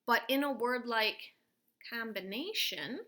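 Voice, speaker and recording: A woman's voice: a little high, expressive, bright, forceful tone. A woman teacher giving a recorded phonics and spelling lesson, patiently spelling out letters and sounds. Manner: patient, slow letter-by-letter explaining.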